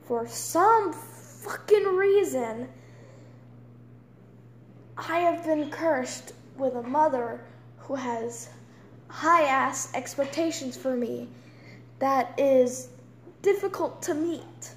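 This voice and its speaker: Slow-talking frustrated teen girl, high voice. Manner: profane, frustrated, swings from loud outbursts to hushed whispers. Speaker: vlogger. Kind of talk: emotional venting rant. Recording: roomy echo with faint background noise.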